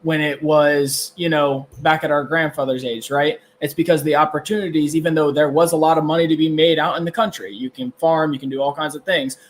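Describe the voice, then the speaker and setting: A man's voice: on the high side, fairly even intonation, a little fast, few pauses, slight background noise. A man hosting a live stream, arguing in a chatty way and filling his talk with "like" and "right?". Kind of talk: casual heated debate.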